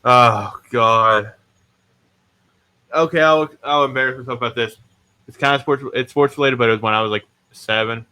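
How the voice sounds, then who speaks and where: Man, podcast host, casual storytelling, rambling, self-mocking, swears a lot, bright tense tone. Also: mid-range voice, moderate pace, clean tone.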